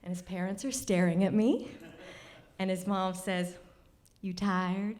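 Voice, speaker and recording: A woman's voice: medium pitch, steady tone, moderate pace, crowd noise. Wry woman telling a story on stage. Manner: wry and confiding, talks to the audience. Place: stage of a cultural center.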